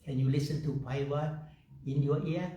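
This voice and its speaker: A man's voice: on the high side, level tone, moderate pace, dark tone, a little hiss or hum. A man teaching a guided meditation in simple, broken English, laughing often and repeating phrases in a meditation room. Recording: echoey room, far from the mic.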